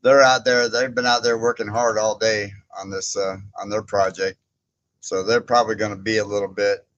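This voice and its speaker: A man's voice: on the low side, a bit bright, no room sound, muffled recording. A man hosting a casual livestream from his barn, rambling, chuckling often and greeting people from the chat by name. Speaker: livestream host. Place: indoor barn workspace.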